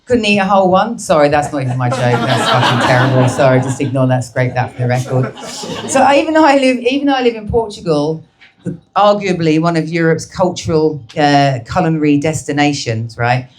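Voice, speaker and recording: A woman's voice: low voice, animated, fairly quick. A woman performing a brash, crude stand-up comedy set, teasing the crowd at a live show.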